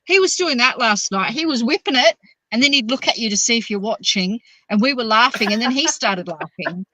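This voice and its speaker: A woman's voice: fairly high pitch, fairly quick, dry recording, rough recording. A woman, rambling through stories as a podcast host. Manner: rambling, animated storyteller. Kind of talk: casual chat.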